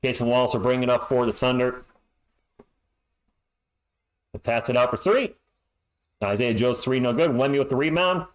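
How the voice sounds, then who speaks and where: A man doing fan play-by-play on a live stream, excitable and yelling on big plays, into a home streaming mic that clips. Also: mid-range voice, moderate pace, pauses often.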